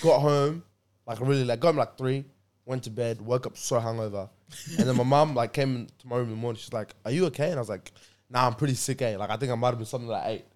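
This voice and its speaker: A young man telling a story in casual chat with friends, animated and laughing, full of slang. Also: mid-range voice, fast talker.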